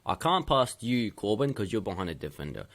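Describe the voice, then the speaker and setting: Stern gravelly football coach. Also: male voice, fairly low pitch, very animated, a little fast, a bit bright. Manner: stern, lecturing, hammering points by repetition. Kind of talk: video match feedback to players.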